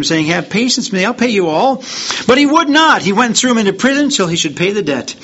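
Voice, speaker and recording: A man with a fairly high voice preaches a sermon, lifting his voice as he reads scripture and then dropping into plain, conversational asides. The recording is dull and lo-fi, with a faint hiss underneath. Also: a bit bright. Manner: rises in pitch and volume when reading verses aloud; conversational asides between readings. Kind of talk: sermon reading and explaining scripture. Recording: dull lo-fi sound with faint noise.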